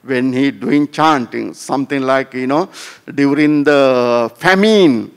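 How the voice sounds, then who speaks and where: A man's voice: mid-range voice, takes it slowly, clean tone. A man in his fifties with a Sri Lankan accent, a Buddhist monk giving a Dhamma talk to a class and often checking in with "right?" and "huh?".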